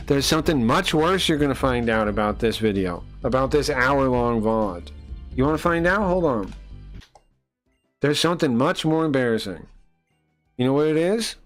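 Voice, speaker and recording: A man's voice: medium pitch, fairly bright tone. A man live-streaming and ranting to his chat, incredulous and exasperated, with lots of fillers. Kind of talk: casual live-stream rant.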